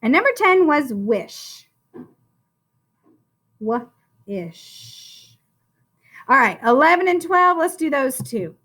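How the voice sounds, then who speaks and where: In a bright, fairly high-pitched sing-song, a first-grade teacher guides small children through phonics. She encourages them as her voice swoops up and down, sounding out each word slowly and stretching every sound.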